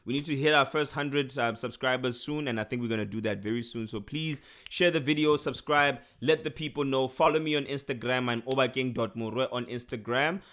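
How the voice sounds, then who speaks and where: Young man, co-host in easy podcast banter, mid-pitched voice, laughs a lot and stumbles over repeated words as he signs off. He talks loosely and warmly to his co-host. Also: a little fast, hardly any pauses. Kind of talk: casual chat.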